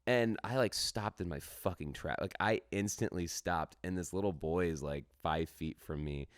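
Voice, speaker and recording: A man's voice: sits low, moderate pace, no room sound, studio quality. A man co-hosting a podcast in casual chat, telling a long rambling story and swearing freely. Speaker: podcast co-host.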